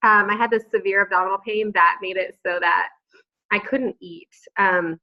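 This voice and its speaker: A woman, a pharmacist and mother, telling her personal story earnestly on a group call from home, with many pauses and fillers. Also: mid-range voice, fairly even intonation. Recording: dull lo-fi call audio.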